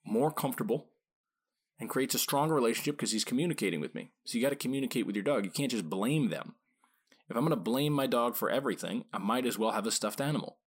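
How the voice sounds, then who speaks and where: A man hosting a podcast about dog training, talking casually and asking his listeners rhetorical questions. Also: medium pitch. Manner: conversational, asks rhetorical questions, acts out quick quoted lines.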